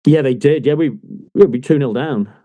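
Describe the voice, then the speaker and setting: A man co-hosting a casual book chat, lively and quick to laugh, swearing freely as he tells stories. His voice is mellow and warm in tone, with an easy, loose delivery. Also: medium pitch. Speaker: podcast co-host.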